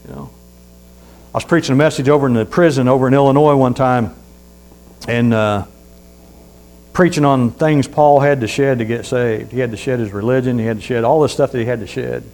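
A man preaching a sermon, telling folksy stories that swing from loud emphatic points to hushed asides. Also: medium pitch, fairly quick, long pauses, low-quality recording. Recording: faint mains hum.

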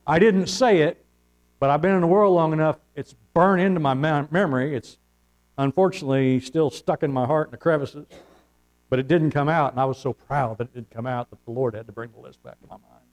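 A man's voice: a little high, a little fast, rough recording. A man preaching a sermon, telling folksy stories and calling out for amens. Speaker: pastor.

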